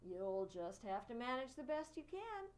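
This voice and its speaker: A woman voicing a patient, sighing mother in a storybook reading, gentle and weary. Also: a little high, sing-song, a little slow.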